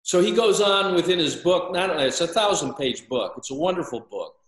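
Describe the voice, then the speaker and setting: A man's voice: on the high side, animated, a little fast, a bit bright, roomy sound, low-quality recording. An older man explaining at length as an interview guest, hesitant, with frequent filler sounds and restarts. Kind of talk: lecturing explanation.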